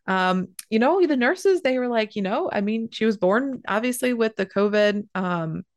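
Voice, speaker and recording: A woman's voice: fairly high pitch, animated, moderate pace, no echo, studio quality. Young female podcast host, chatty and heartfelt, talks in loose run-on sentences with lots of fillers. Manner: chatty, emotional, many fillers and restarts. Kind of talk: casual personal storytelling.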